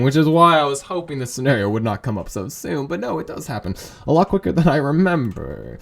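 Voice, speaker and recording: A man's voice: mid-range voice, big pitch swings, brisk, vocal fry, few pauses, a bit bright. A young man reading a visual novel aloud for his channel, casual and chatty with laughing asides. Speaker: gaming youtuber.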